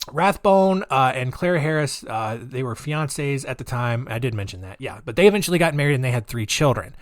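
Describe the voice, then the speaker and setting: Brief: young adult male podcast host, rambling and casual, mid pitch, dry close mic. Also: no room sound. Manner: rambling, full of fillers and laughs. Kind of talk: casual history podcast chat.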